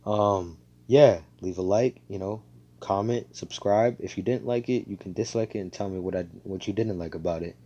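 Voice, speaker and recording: A man's voice: lowish voice, moderate pace, mellow, dull audio. A man casually telling a fan story, rambling with lots of fillers and swearing.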